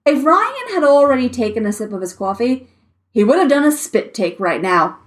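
Woman narrator reading a story aloud; lively, animated pitch. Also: moderate pace. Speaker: story reader. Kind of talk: reading fan fiction aloud.

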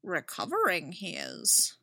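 A woman puts on a tiny, ancient alien master who drags out each phrase and swings his pitch widely. He talks with backwards word order, unhurried and measured, in an audiobook reading with a close, dry sound. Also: wildly swooping pitch, bright, forceful tone, slightly rough, no echo, heavily acted. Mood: calm, probing. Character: ancient small male alien sage, inverted speech.

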